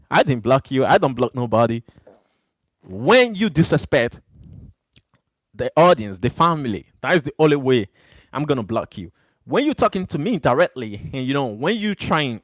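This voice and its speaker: This man hosts a live stream and argues back at viewers in the chat, heated and repetitive. His voice is mid-range and the recording is dry. English is not his first language.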